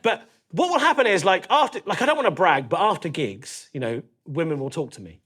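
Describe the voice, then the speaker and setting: A man's voice: a little high, expressive, a little fast, a bit bright, breathy edge. A man in his forties with a London accent doing a stand-up comedy set in a club, with a cheeky, conversational, punchy delivery. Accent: London English. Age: 40s. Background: audience laughter.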